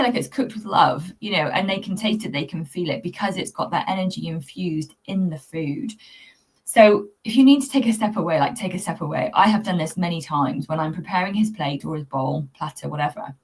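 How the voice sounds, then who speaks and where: A woman coaching pet owners in a talk-to-camera video, speaking in an earnest, reflective, gently spiritual way. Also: lowish voice, lively intonation, a little fast, husky. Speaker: cat anxiety coach. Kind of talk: talking-to-camera tips video.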